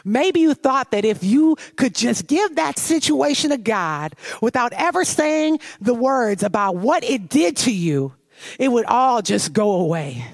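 A woman's voice: on the high side, big pitch swings, unhurried, no room sound. A woman sharing a personal testimony as a devotional message, earnest and confessional, often turning to ask the listener questions. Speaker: devotional speaker.

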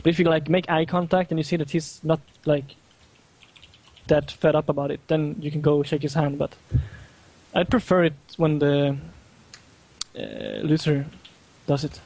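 Halting, filler-heavy man, flat voice. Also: on the high side, poor audio. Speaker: guest player. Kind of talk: podcast discussion.

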